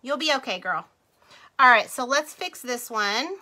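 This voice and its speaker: A woman's voice: a little high, animated, a little slow, bright, forceful tone. A middle-aged woman chatting casually with livestream viewers while she crafts, rambling, laughing and drifting off topic. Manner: talks to viewers as "you guys" and "y'all".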